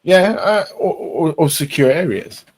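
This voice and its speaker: A man's voice: fairly high pitch, expressive, unhurried, poor audio. A man chatting casually, rambling and repeating himself, swearing often. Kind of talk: casual chat.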